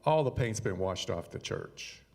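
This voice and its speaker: A man's voice: on the low side, animated, measured pace, darkish tone. A man telling a joke at a church service in a folksy, storytelling way. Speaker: congregation member telling a joke.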